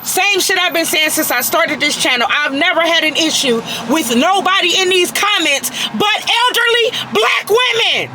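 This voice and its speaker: Angry woman vlogger, high bright voice, profane and emphatic, with faint noise behind. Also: expressive, normal speed, few pauses. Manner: profane, emphatic, repeats herself for force. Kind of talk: angry personal rant to camera.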